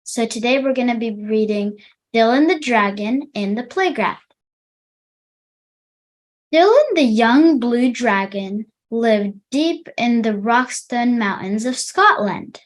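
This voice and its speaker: A young woman teaching English to children, reading a storybook aloud and pausing to explain words. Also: on the high side, expressive.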